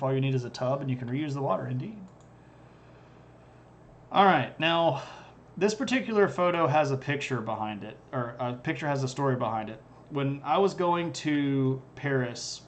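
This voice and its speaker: A man's voice: mid-range voice, slight background noise. Wry, rambling man chatting on stream. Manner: rambling, chuckles at his own jokes; wry, self-deprecating humor. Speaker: history streamer. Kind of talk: casual live-stream chat.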